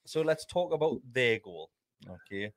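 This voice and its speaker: A man's voice: medium pitch, lively intonation, a little slow, no room sound, studio quality. A man hosting a casual football podcast, swearing freely and leading the talk. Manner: swears freely, leads the discussion.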